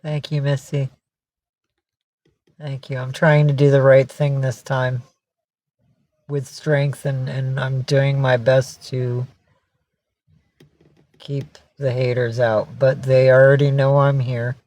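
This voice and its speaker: A woman's voice: very deep voice, flat delivery, slow pace, long pauses, dark tone, dry recording. A woman livestreaming in casual chat, teary and emotional, slipping into baby talk with her cat. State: tearful.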